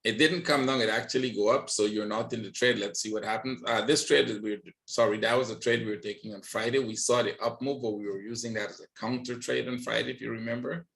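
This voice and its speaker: A man's voice: mid-range voice, steady tone, fast talker, creaky, few pauses, a bit bright. A man hosting a trading webinar, walking through charts on screen and checking in with listeners with frequent "right?". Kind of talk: live screen-share market analysis.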